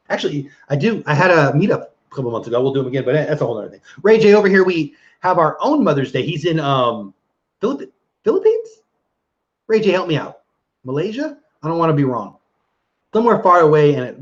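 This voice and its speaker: A middle-aged man hosting a casual livestream, chatting and reading viewer comments aloud with easy laughs. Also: on the high side. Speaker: livestream host reading chat. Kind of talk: casual live chat. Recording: dull lo-fi stream audio.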